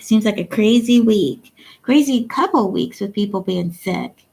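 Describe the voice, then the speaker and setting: This Ohio woman runs a casual livestream, giggling frequently as she reads comments from viewers. Her mid-range voice is gravelly and a little mellow, at a normal speed, captured with poor audio.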